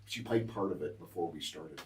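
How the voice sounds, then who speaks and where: A man's voice: sits low, fairly quick, recorded from a distance, a little hiss or hum. A man hosting a radio show, chatting casually with easygoing, brief reactions. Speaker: radio host. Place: radio studio.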